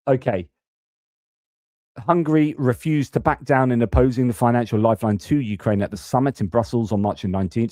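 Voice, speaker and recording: A man's voice: lowish voice, dark tone, dry recording, studio quality. A man hosting a live-stream news commentary, talking casually and thinking aloud as he goes through footage and reports. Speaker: host.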